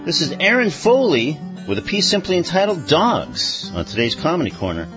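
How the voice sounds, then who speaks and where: A man hosting a radio show, reading news and introducing guests in a conversational way with many pauses. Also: fairly high pitch, big pitch swings, muffled recording, music in the background.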